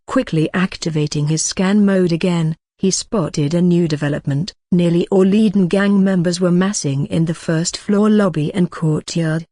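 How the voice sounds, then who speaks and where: An audiobook narrator reading a novel in an even, steady way. The voice sits at a middle pitch. The sound is dry and close, with no room around it. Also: dry recording. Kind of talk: scripted narration.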